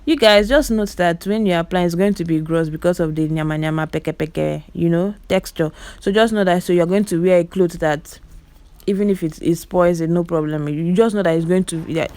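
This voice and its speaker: A vlogger with a Nigerian Igbo accent and a fairly low, darkish voice chats over clips with no room sound. She exclaims a lot, speaks directly to her audience, and repeats words to stress them.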